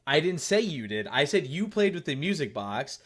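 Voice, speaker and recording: A man's voice: a little high, very animated, moderate pace, fairly bright tone, husky. A male game streamer chatting casually while playing, thanking viewers and teasing his friends. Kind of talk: casual live-stream chat while gaming.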